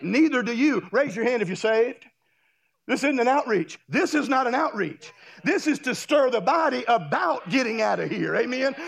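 A man from Florida, a guest pastor, preaching a fiery revival sermon in a church, shouting and folksy. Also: very high voice, expressive, normal speed, vocal fry, slightly rough. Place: church sanctuary.

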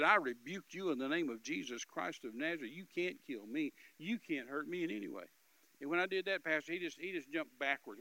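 A man giving an animated, emphatic storytelling testimony as a minister, with repetitive phrasing and loud bursts. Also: on the high side, poor audio.

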